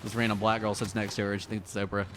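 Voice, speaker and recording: A man's voice: on the low side, little pitch movement, rapid-fire, noisy background. A man co-hosting a casual gaming podcast, telling rambling stories full of fillers. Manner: rambling storyteller, filler-heavy. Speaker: podcast co-host.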